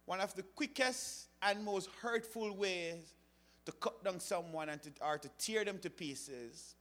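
A man preaching a sermon, rising to loud emphatic appeals and then dropping low.

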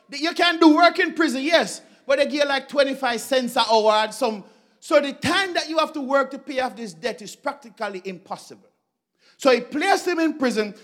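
A man preaching a sermon, telling a Bible story with animated swings between loud bursts and quiet asides. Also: extremely high pitch.

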